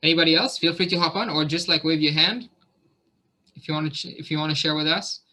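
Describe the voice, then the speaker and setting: A man coaching a group over a video call, his voice very bright and a little higher than most men's. He keeps it encouraging and conversational, inviting others to speak. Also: fairly even intonation, quick pace. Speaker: fitness coach.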